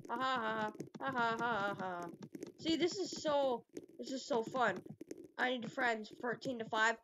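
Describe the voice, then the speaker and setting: Giggly woman trash-talking through a noisy game. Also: a little high. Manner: giggly, excitable trash talk. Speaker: gaming video creator. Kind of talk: playful game commentary. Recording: noisy recording with clicks.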